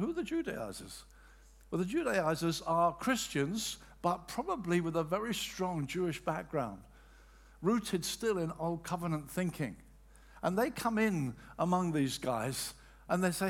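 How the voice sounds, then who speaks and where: A man preaching a sermon in a church, talking conversationally and acting out the voices of people he quotes. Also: on the high side.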